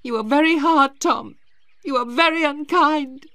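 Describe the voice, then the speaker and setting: A woman voicing earnest young Maggie, high and pleading. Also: a little slow. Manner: pleading, emotional.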